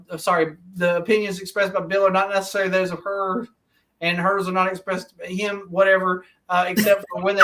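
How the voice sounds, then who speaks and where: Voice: medium pitch, a bit bright, far from the mic. A podcast host ranting in casual chat, heated and full of profanity.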